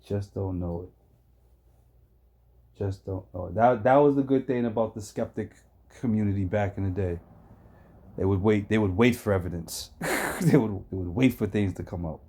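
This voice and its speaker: Mellow-voiced man reacting sarcastically. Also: on the low side, moderate pace, long pauses. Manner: sarcastic, interjecting. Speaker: streamer host. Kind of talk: reacting to a video.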